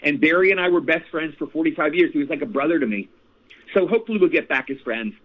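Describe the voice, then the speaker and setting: A man in his sixties, an actor guest telling stories in a casual interview, animated and repeating phrases. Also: a little high, fast. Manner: animated, repeats phrases, addresses host by name. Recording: tinny phone line.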